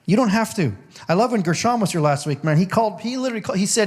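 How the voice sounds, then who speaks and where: A man's voice: sits high, lively intonation, quick pace, darkish tone. A male pastor giving a conversational sermon in a church, joking and laughing as he goes. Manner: conversational, jokey, laughs often. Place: church sanctuary.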